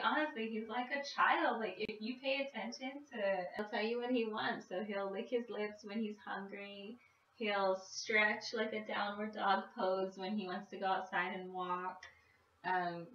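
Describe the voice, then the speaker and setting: A woman's voice: mid-range voice, pushed and bright, muffled recording. A woman vlogger chatting casually to the camera, with lots of fillers and small laughs. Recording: echoey room, mic at a distance.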